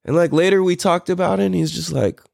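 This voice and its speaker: A man's voice: sits high, quick pace, creaky, darkish tone, dry recording, studio quality. A man in his thirties hosting a podcast, telling a story in a rambling, profane way with many fillers. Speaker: podcast host. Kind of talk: casual storytelling.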